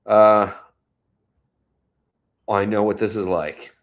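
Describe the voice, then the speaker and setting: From his home in New York City, a host with a deep, low voice runs a relaxed live stream, speaking slowly and unhurriedly. He chats about the weather and responds to viewer comments with gentle, consoling words.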